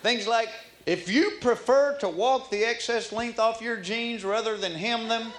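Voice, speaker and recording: A man's voice: very high voice, measured pace, fairly bright tone. A man performing a folksy stand-up routine on a comedy club stage, with audience laughter behind him. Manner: folksy, drawling storyteller. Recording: live club recording, roomy, audience noise.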